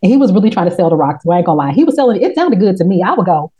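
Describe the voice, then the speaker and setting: A woman hosting a casual TV recap chat, telling the story in a slangy, profane, animated way and slipping into quick voices for the characters. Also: fairly low pitch, rough recording. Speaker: podcast host.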